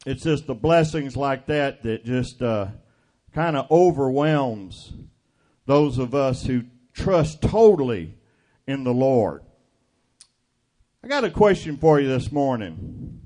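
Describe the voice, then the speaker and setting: Older man, slow-talking homespun preacher, dry close sound. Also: mid-range voice, lively intonation, mellow, dry recording. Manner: folksy, homespun preaching with rhetorical questions. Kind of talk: sermon.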